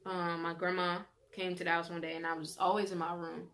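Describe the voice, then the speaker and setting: A woman's voice: fairly low pitch, brisk, slight background noise. Chatty teenage girl telling a story. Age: teens. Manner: chatty, animated retelling with quoted voices. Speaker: vlogger. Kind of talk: personal storytime vlog.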